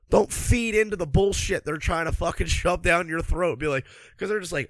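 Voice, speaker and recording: A man's voice: high voice, expressive, moderate pace, a bit bright, dry recording. A man ranting angrily about hockey, sarcastic and swearing constantly, a little congested from allergies. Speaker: hockey commentator. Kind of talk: profane ranting sports commentary.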